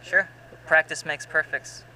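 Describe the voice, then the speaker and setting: A man's voice: fairly high pitch, fairly even intonation, a little slow, sharp tone, a little hiss or hum, low-quality recording. A man chatting casually who asks loose, rambling questions and trails off mid-thought. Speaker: conversation partner. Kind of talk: casual chat.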